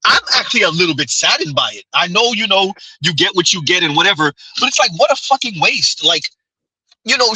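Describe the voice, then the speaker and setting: A man's voice: high-pitched, sharp tone, breathy edge, no echo, low-quality recording. A man hosting a podcast, ranting in casual commentary, profane and exasperated. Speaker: podcast host.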